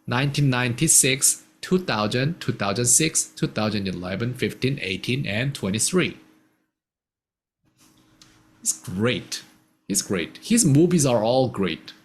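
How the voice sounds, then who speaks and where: A man's voice: mid-range voice, lively intonation, a little hiss or hum. Patient male English teacher. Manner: patient, explains simple words slowly. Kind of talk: casual one-on-one English lesson.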